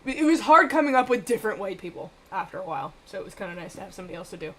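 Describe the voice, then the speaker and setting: A woman's voice: mid-range voice, big pitch swings, very fast, fairly bright tone. A woman streamer chatting casually while she plays a game, rambling with lots of fillers and swearing.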